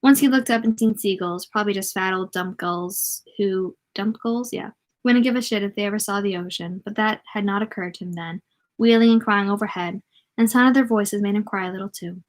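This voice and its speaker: A woman's voice: mid-range voice, fairly quick. A woman reading a novel aloud in a casual way, often stumbling, correcting herself and adding joking asides.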